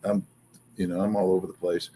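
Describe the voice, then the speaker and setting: A man telling an excited story as a guest, acting out quotes and sounds in an animated way. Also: low voice, a little fast, slight background noise.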